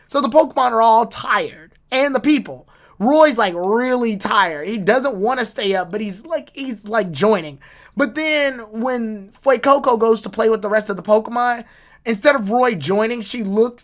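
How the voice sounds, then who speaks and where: A woman giving a casual, rambling and opinionated episode review with swearing and restarts. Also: medium pitch. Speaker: anime reviewer.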